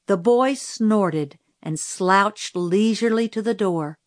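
A woman reading a novel aloud as a storybook narrator, in a measured, deliberate way. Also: medium pitch, dry recording, clean studio sound. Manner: slow, measured, deliberate delivery. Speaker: audiobook reader.

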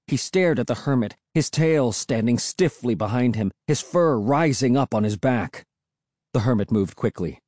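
An audiobook narrator reading a first-person story with suspenseful, expressive delivery. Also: mid-range voice, moderate pace, no echo, studio quality.

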